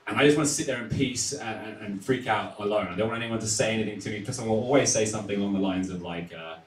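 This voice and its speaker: A man's voice: on the low side, very fast. A man doing a stand-up set in a comedy club, telling anxious, self-mocking stories. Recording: echoey, distant club recording with faint noise.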